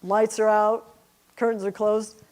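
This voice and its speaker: A woman's voice: mid-range voice, flat delivery, unhurried, a little mellow. A middle-aged woman speaking to a church congregation, telling personal stories in a chatty way and laughing often. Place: church service.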